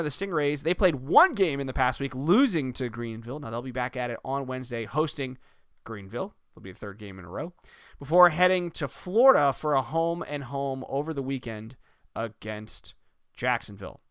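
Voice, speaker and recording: A man's voice: medium pitch, normal speed, clear, resonant tone, no room sound, clean studio sound. A man co-hosting a casual sports podcast, reading rundowns and joking around with his co-host. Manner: reads rundowns, joking and expressive.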